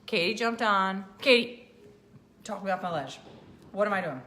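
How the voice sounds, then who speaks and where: A woman's voice: mid-range voice, lively intonation, moderate pace, pushed and bright. A middle-aged woman, chatting on a home live stream in a frazzled, self-mocking way. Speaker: vlogger hosting a live stream. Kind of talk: casual live-stream chat. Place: home kitchen. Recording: echoey home room with clear background noise.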